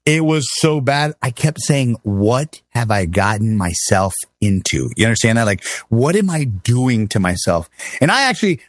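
A middle-aged man telling his army stories as an interview guest, animated, acting out the voices he quotes and laughing often. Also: on the low side, measured pace, hardly any pauses, no echo, clean studio sound. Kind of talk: casual storytelling interview.

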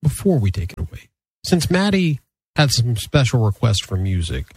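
A man hosts a talk show in a lively, animated voice that rises and falls a lot. He sounds sympathetic and often restarts his sentences. The sound is dry and close. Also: medium pitch, normal speed, breathy edge, no echo. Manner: animated, sympathetic, self-interrupting. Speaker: show host. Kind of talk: casual chat on a legal news show.

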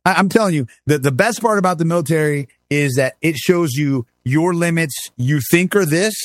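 A man's voice: on the high side, moderate pace, no room sound, clean studio sound. A man in his fifties, a former army officer as guest, telling stories casually and acting out quoted voices with big swings in his voice. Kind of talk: casual storytelling in a conversation.

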